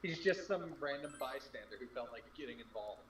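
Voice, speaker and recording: A man's voice: medium pitch, lively intonation, a bit bright, a little hiss or hum. A man co-hosting a casual gaming stream, cracking jokes and teasing the others. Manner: joking, quick to tease. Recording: echoey room with clear music.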